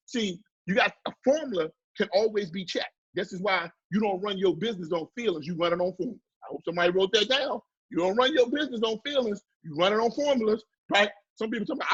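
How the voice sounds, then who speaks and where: A high-pitched man delivers a preachy motivational business talk, full of call-and-response asides. His voice is husky, and the recording sounds dull and lo-fi. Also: fairly bright tone. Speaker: marketing speaker.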